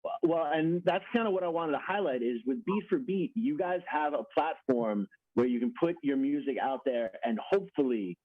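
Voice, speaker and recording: A man's voice: fairly high pitch, lively intonation, moderate pace, few pauses, dry recording. A man hosting a casual chat on a video call, friendly and rambling, laughing easily. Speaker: host. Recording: tinny phone-like call audio.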